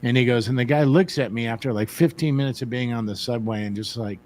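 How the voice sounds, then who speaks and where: A man's voice: medium pitch, quick pace, a little mellow. A man from San Diego hosting a live show, telling stories in a rambling, teasing way. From San Diego, USA. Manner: rambling, teasing, laughs often. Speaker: show host. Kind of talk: casual live-stream chat.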